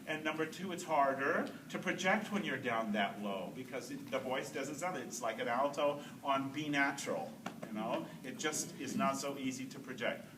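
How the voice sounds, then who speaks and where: A man's voice: fairly high pitch, background noise. A man leading a choir rehearsal, coaching singers and singing demonstrations. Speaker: choral conductor. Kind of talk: choral rehearsal clinic. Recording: roomy hall from far off.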